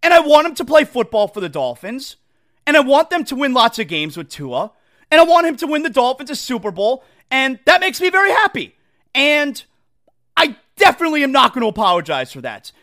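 Animated, exasperated male sports talk host. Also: very high voice, brisk. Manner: animated, exasperated, mocking quotes. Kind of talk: opinionated sports talk rant.

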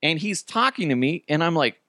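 A podcast host in his thirties delivers a casual storytelling monologue, rambling, self-deprecating and swearing freely. His voice sits on the high side, animated, brisk and sharp-toned. The studio sound is clean with no echo.

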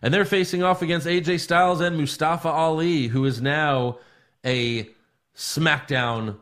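A man co-hosts a podcast with a slightly high voice. He runs the recap in a loose, jokey way. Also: fairly even intonation, measured pace, a bit bright. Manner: leads the rundown, jokey. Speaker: podcast co-host. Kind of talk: casual chat, wrestling recap.

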